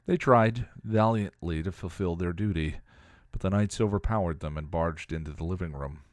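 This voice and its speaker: A man narrating a fan fiction story aloud in a steady storytelling manner. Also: low-pitched, normal speed, no room sound, studio quality. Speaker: reader.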